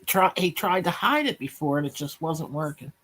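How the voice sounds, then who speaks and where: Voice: medium pitch, animated, normal speed, fairly bright tone. A person in a casual chat, teasing someone bluntly.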